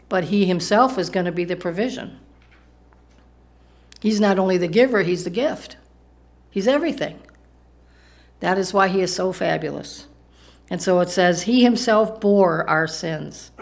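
A woman's voice: lowish voice, creaky. Woman preaching a conversational sermon. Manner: conversational preaching with rhetorical questions to the congregation.

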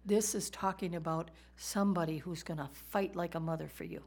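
A woman's voice: on the low side, fairly even intonation, fairly quick, a little mellow. A woman teaching a sermon in a conversational way, asking her listeners rhetorical questions. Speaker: Bible teacher.

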